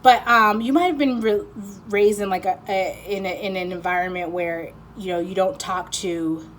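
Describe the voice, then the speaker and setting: A woman giving a spontaneous, intuitive card reading, excitable and rambling, often breaking off mid-sentence and apologizing. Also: medium pitch, normal speed, slight background noise, rough recording. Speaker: tarot card reader.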